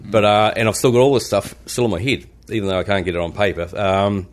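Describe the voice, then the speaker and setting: Laid-back New Zealand man, low voice. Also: steady tone, quick pace. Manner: laid-back, self-deprecating, says "mate" a lot. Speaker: guest, landscaper. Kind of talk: casual podcast interview. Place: studio.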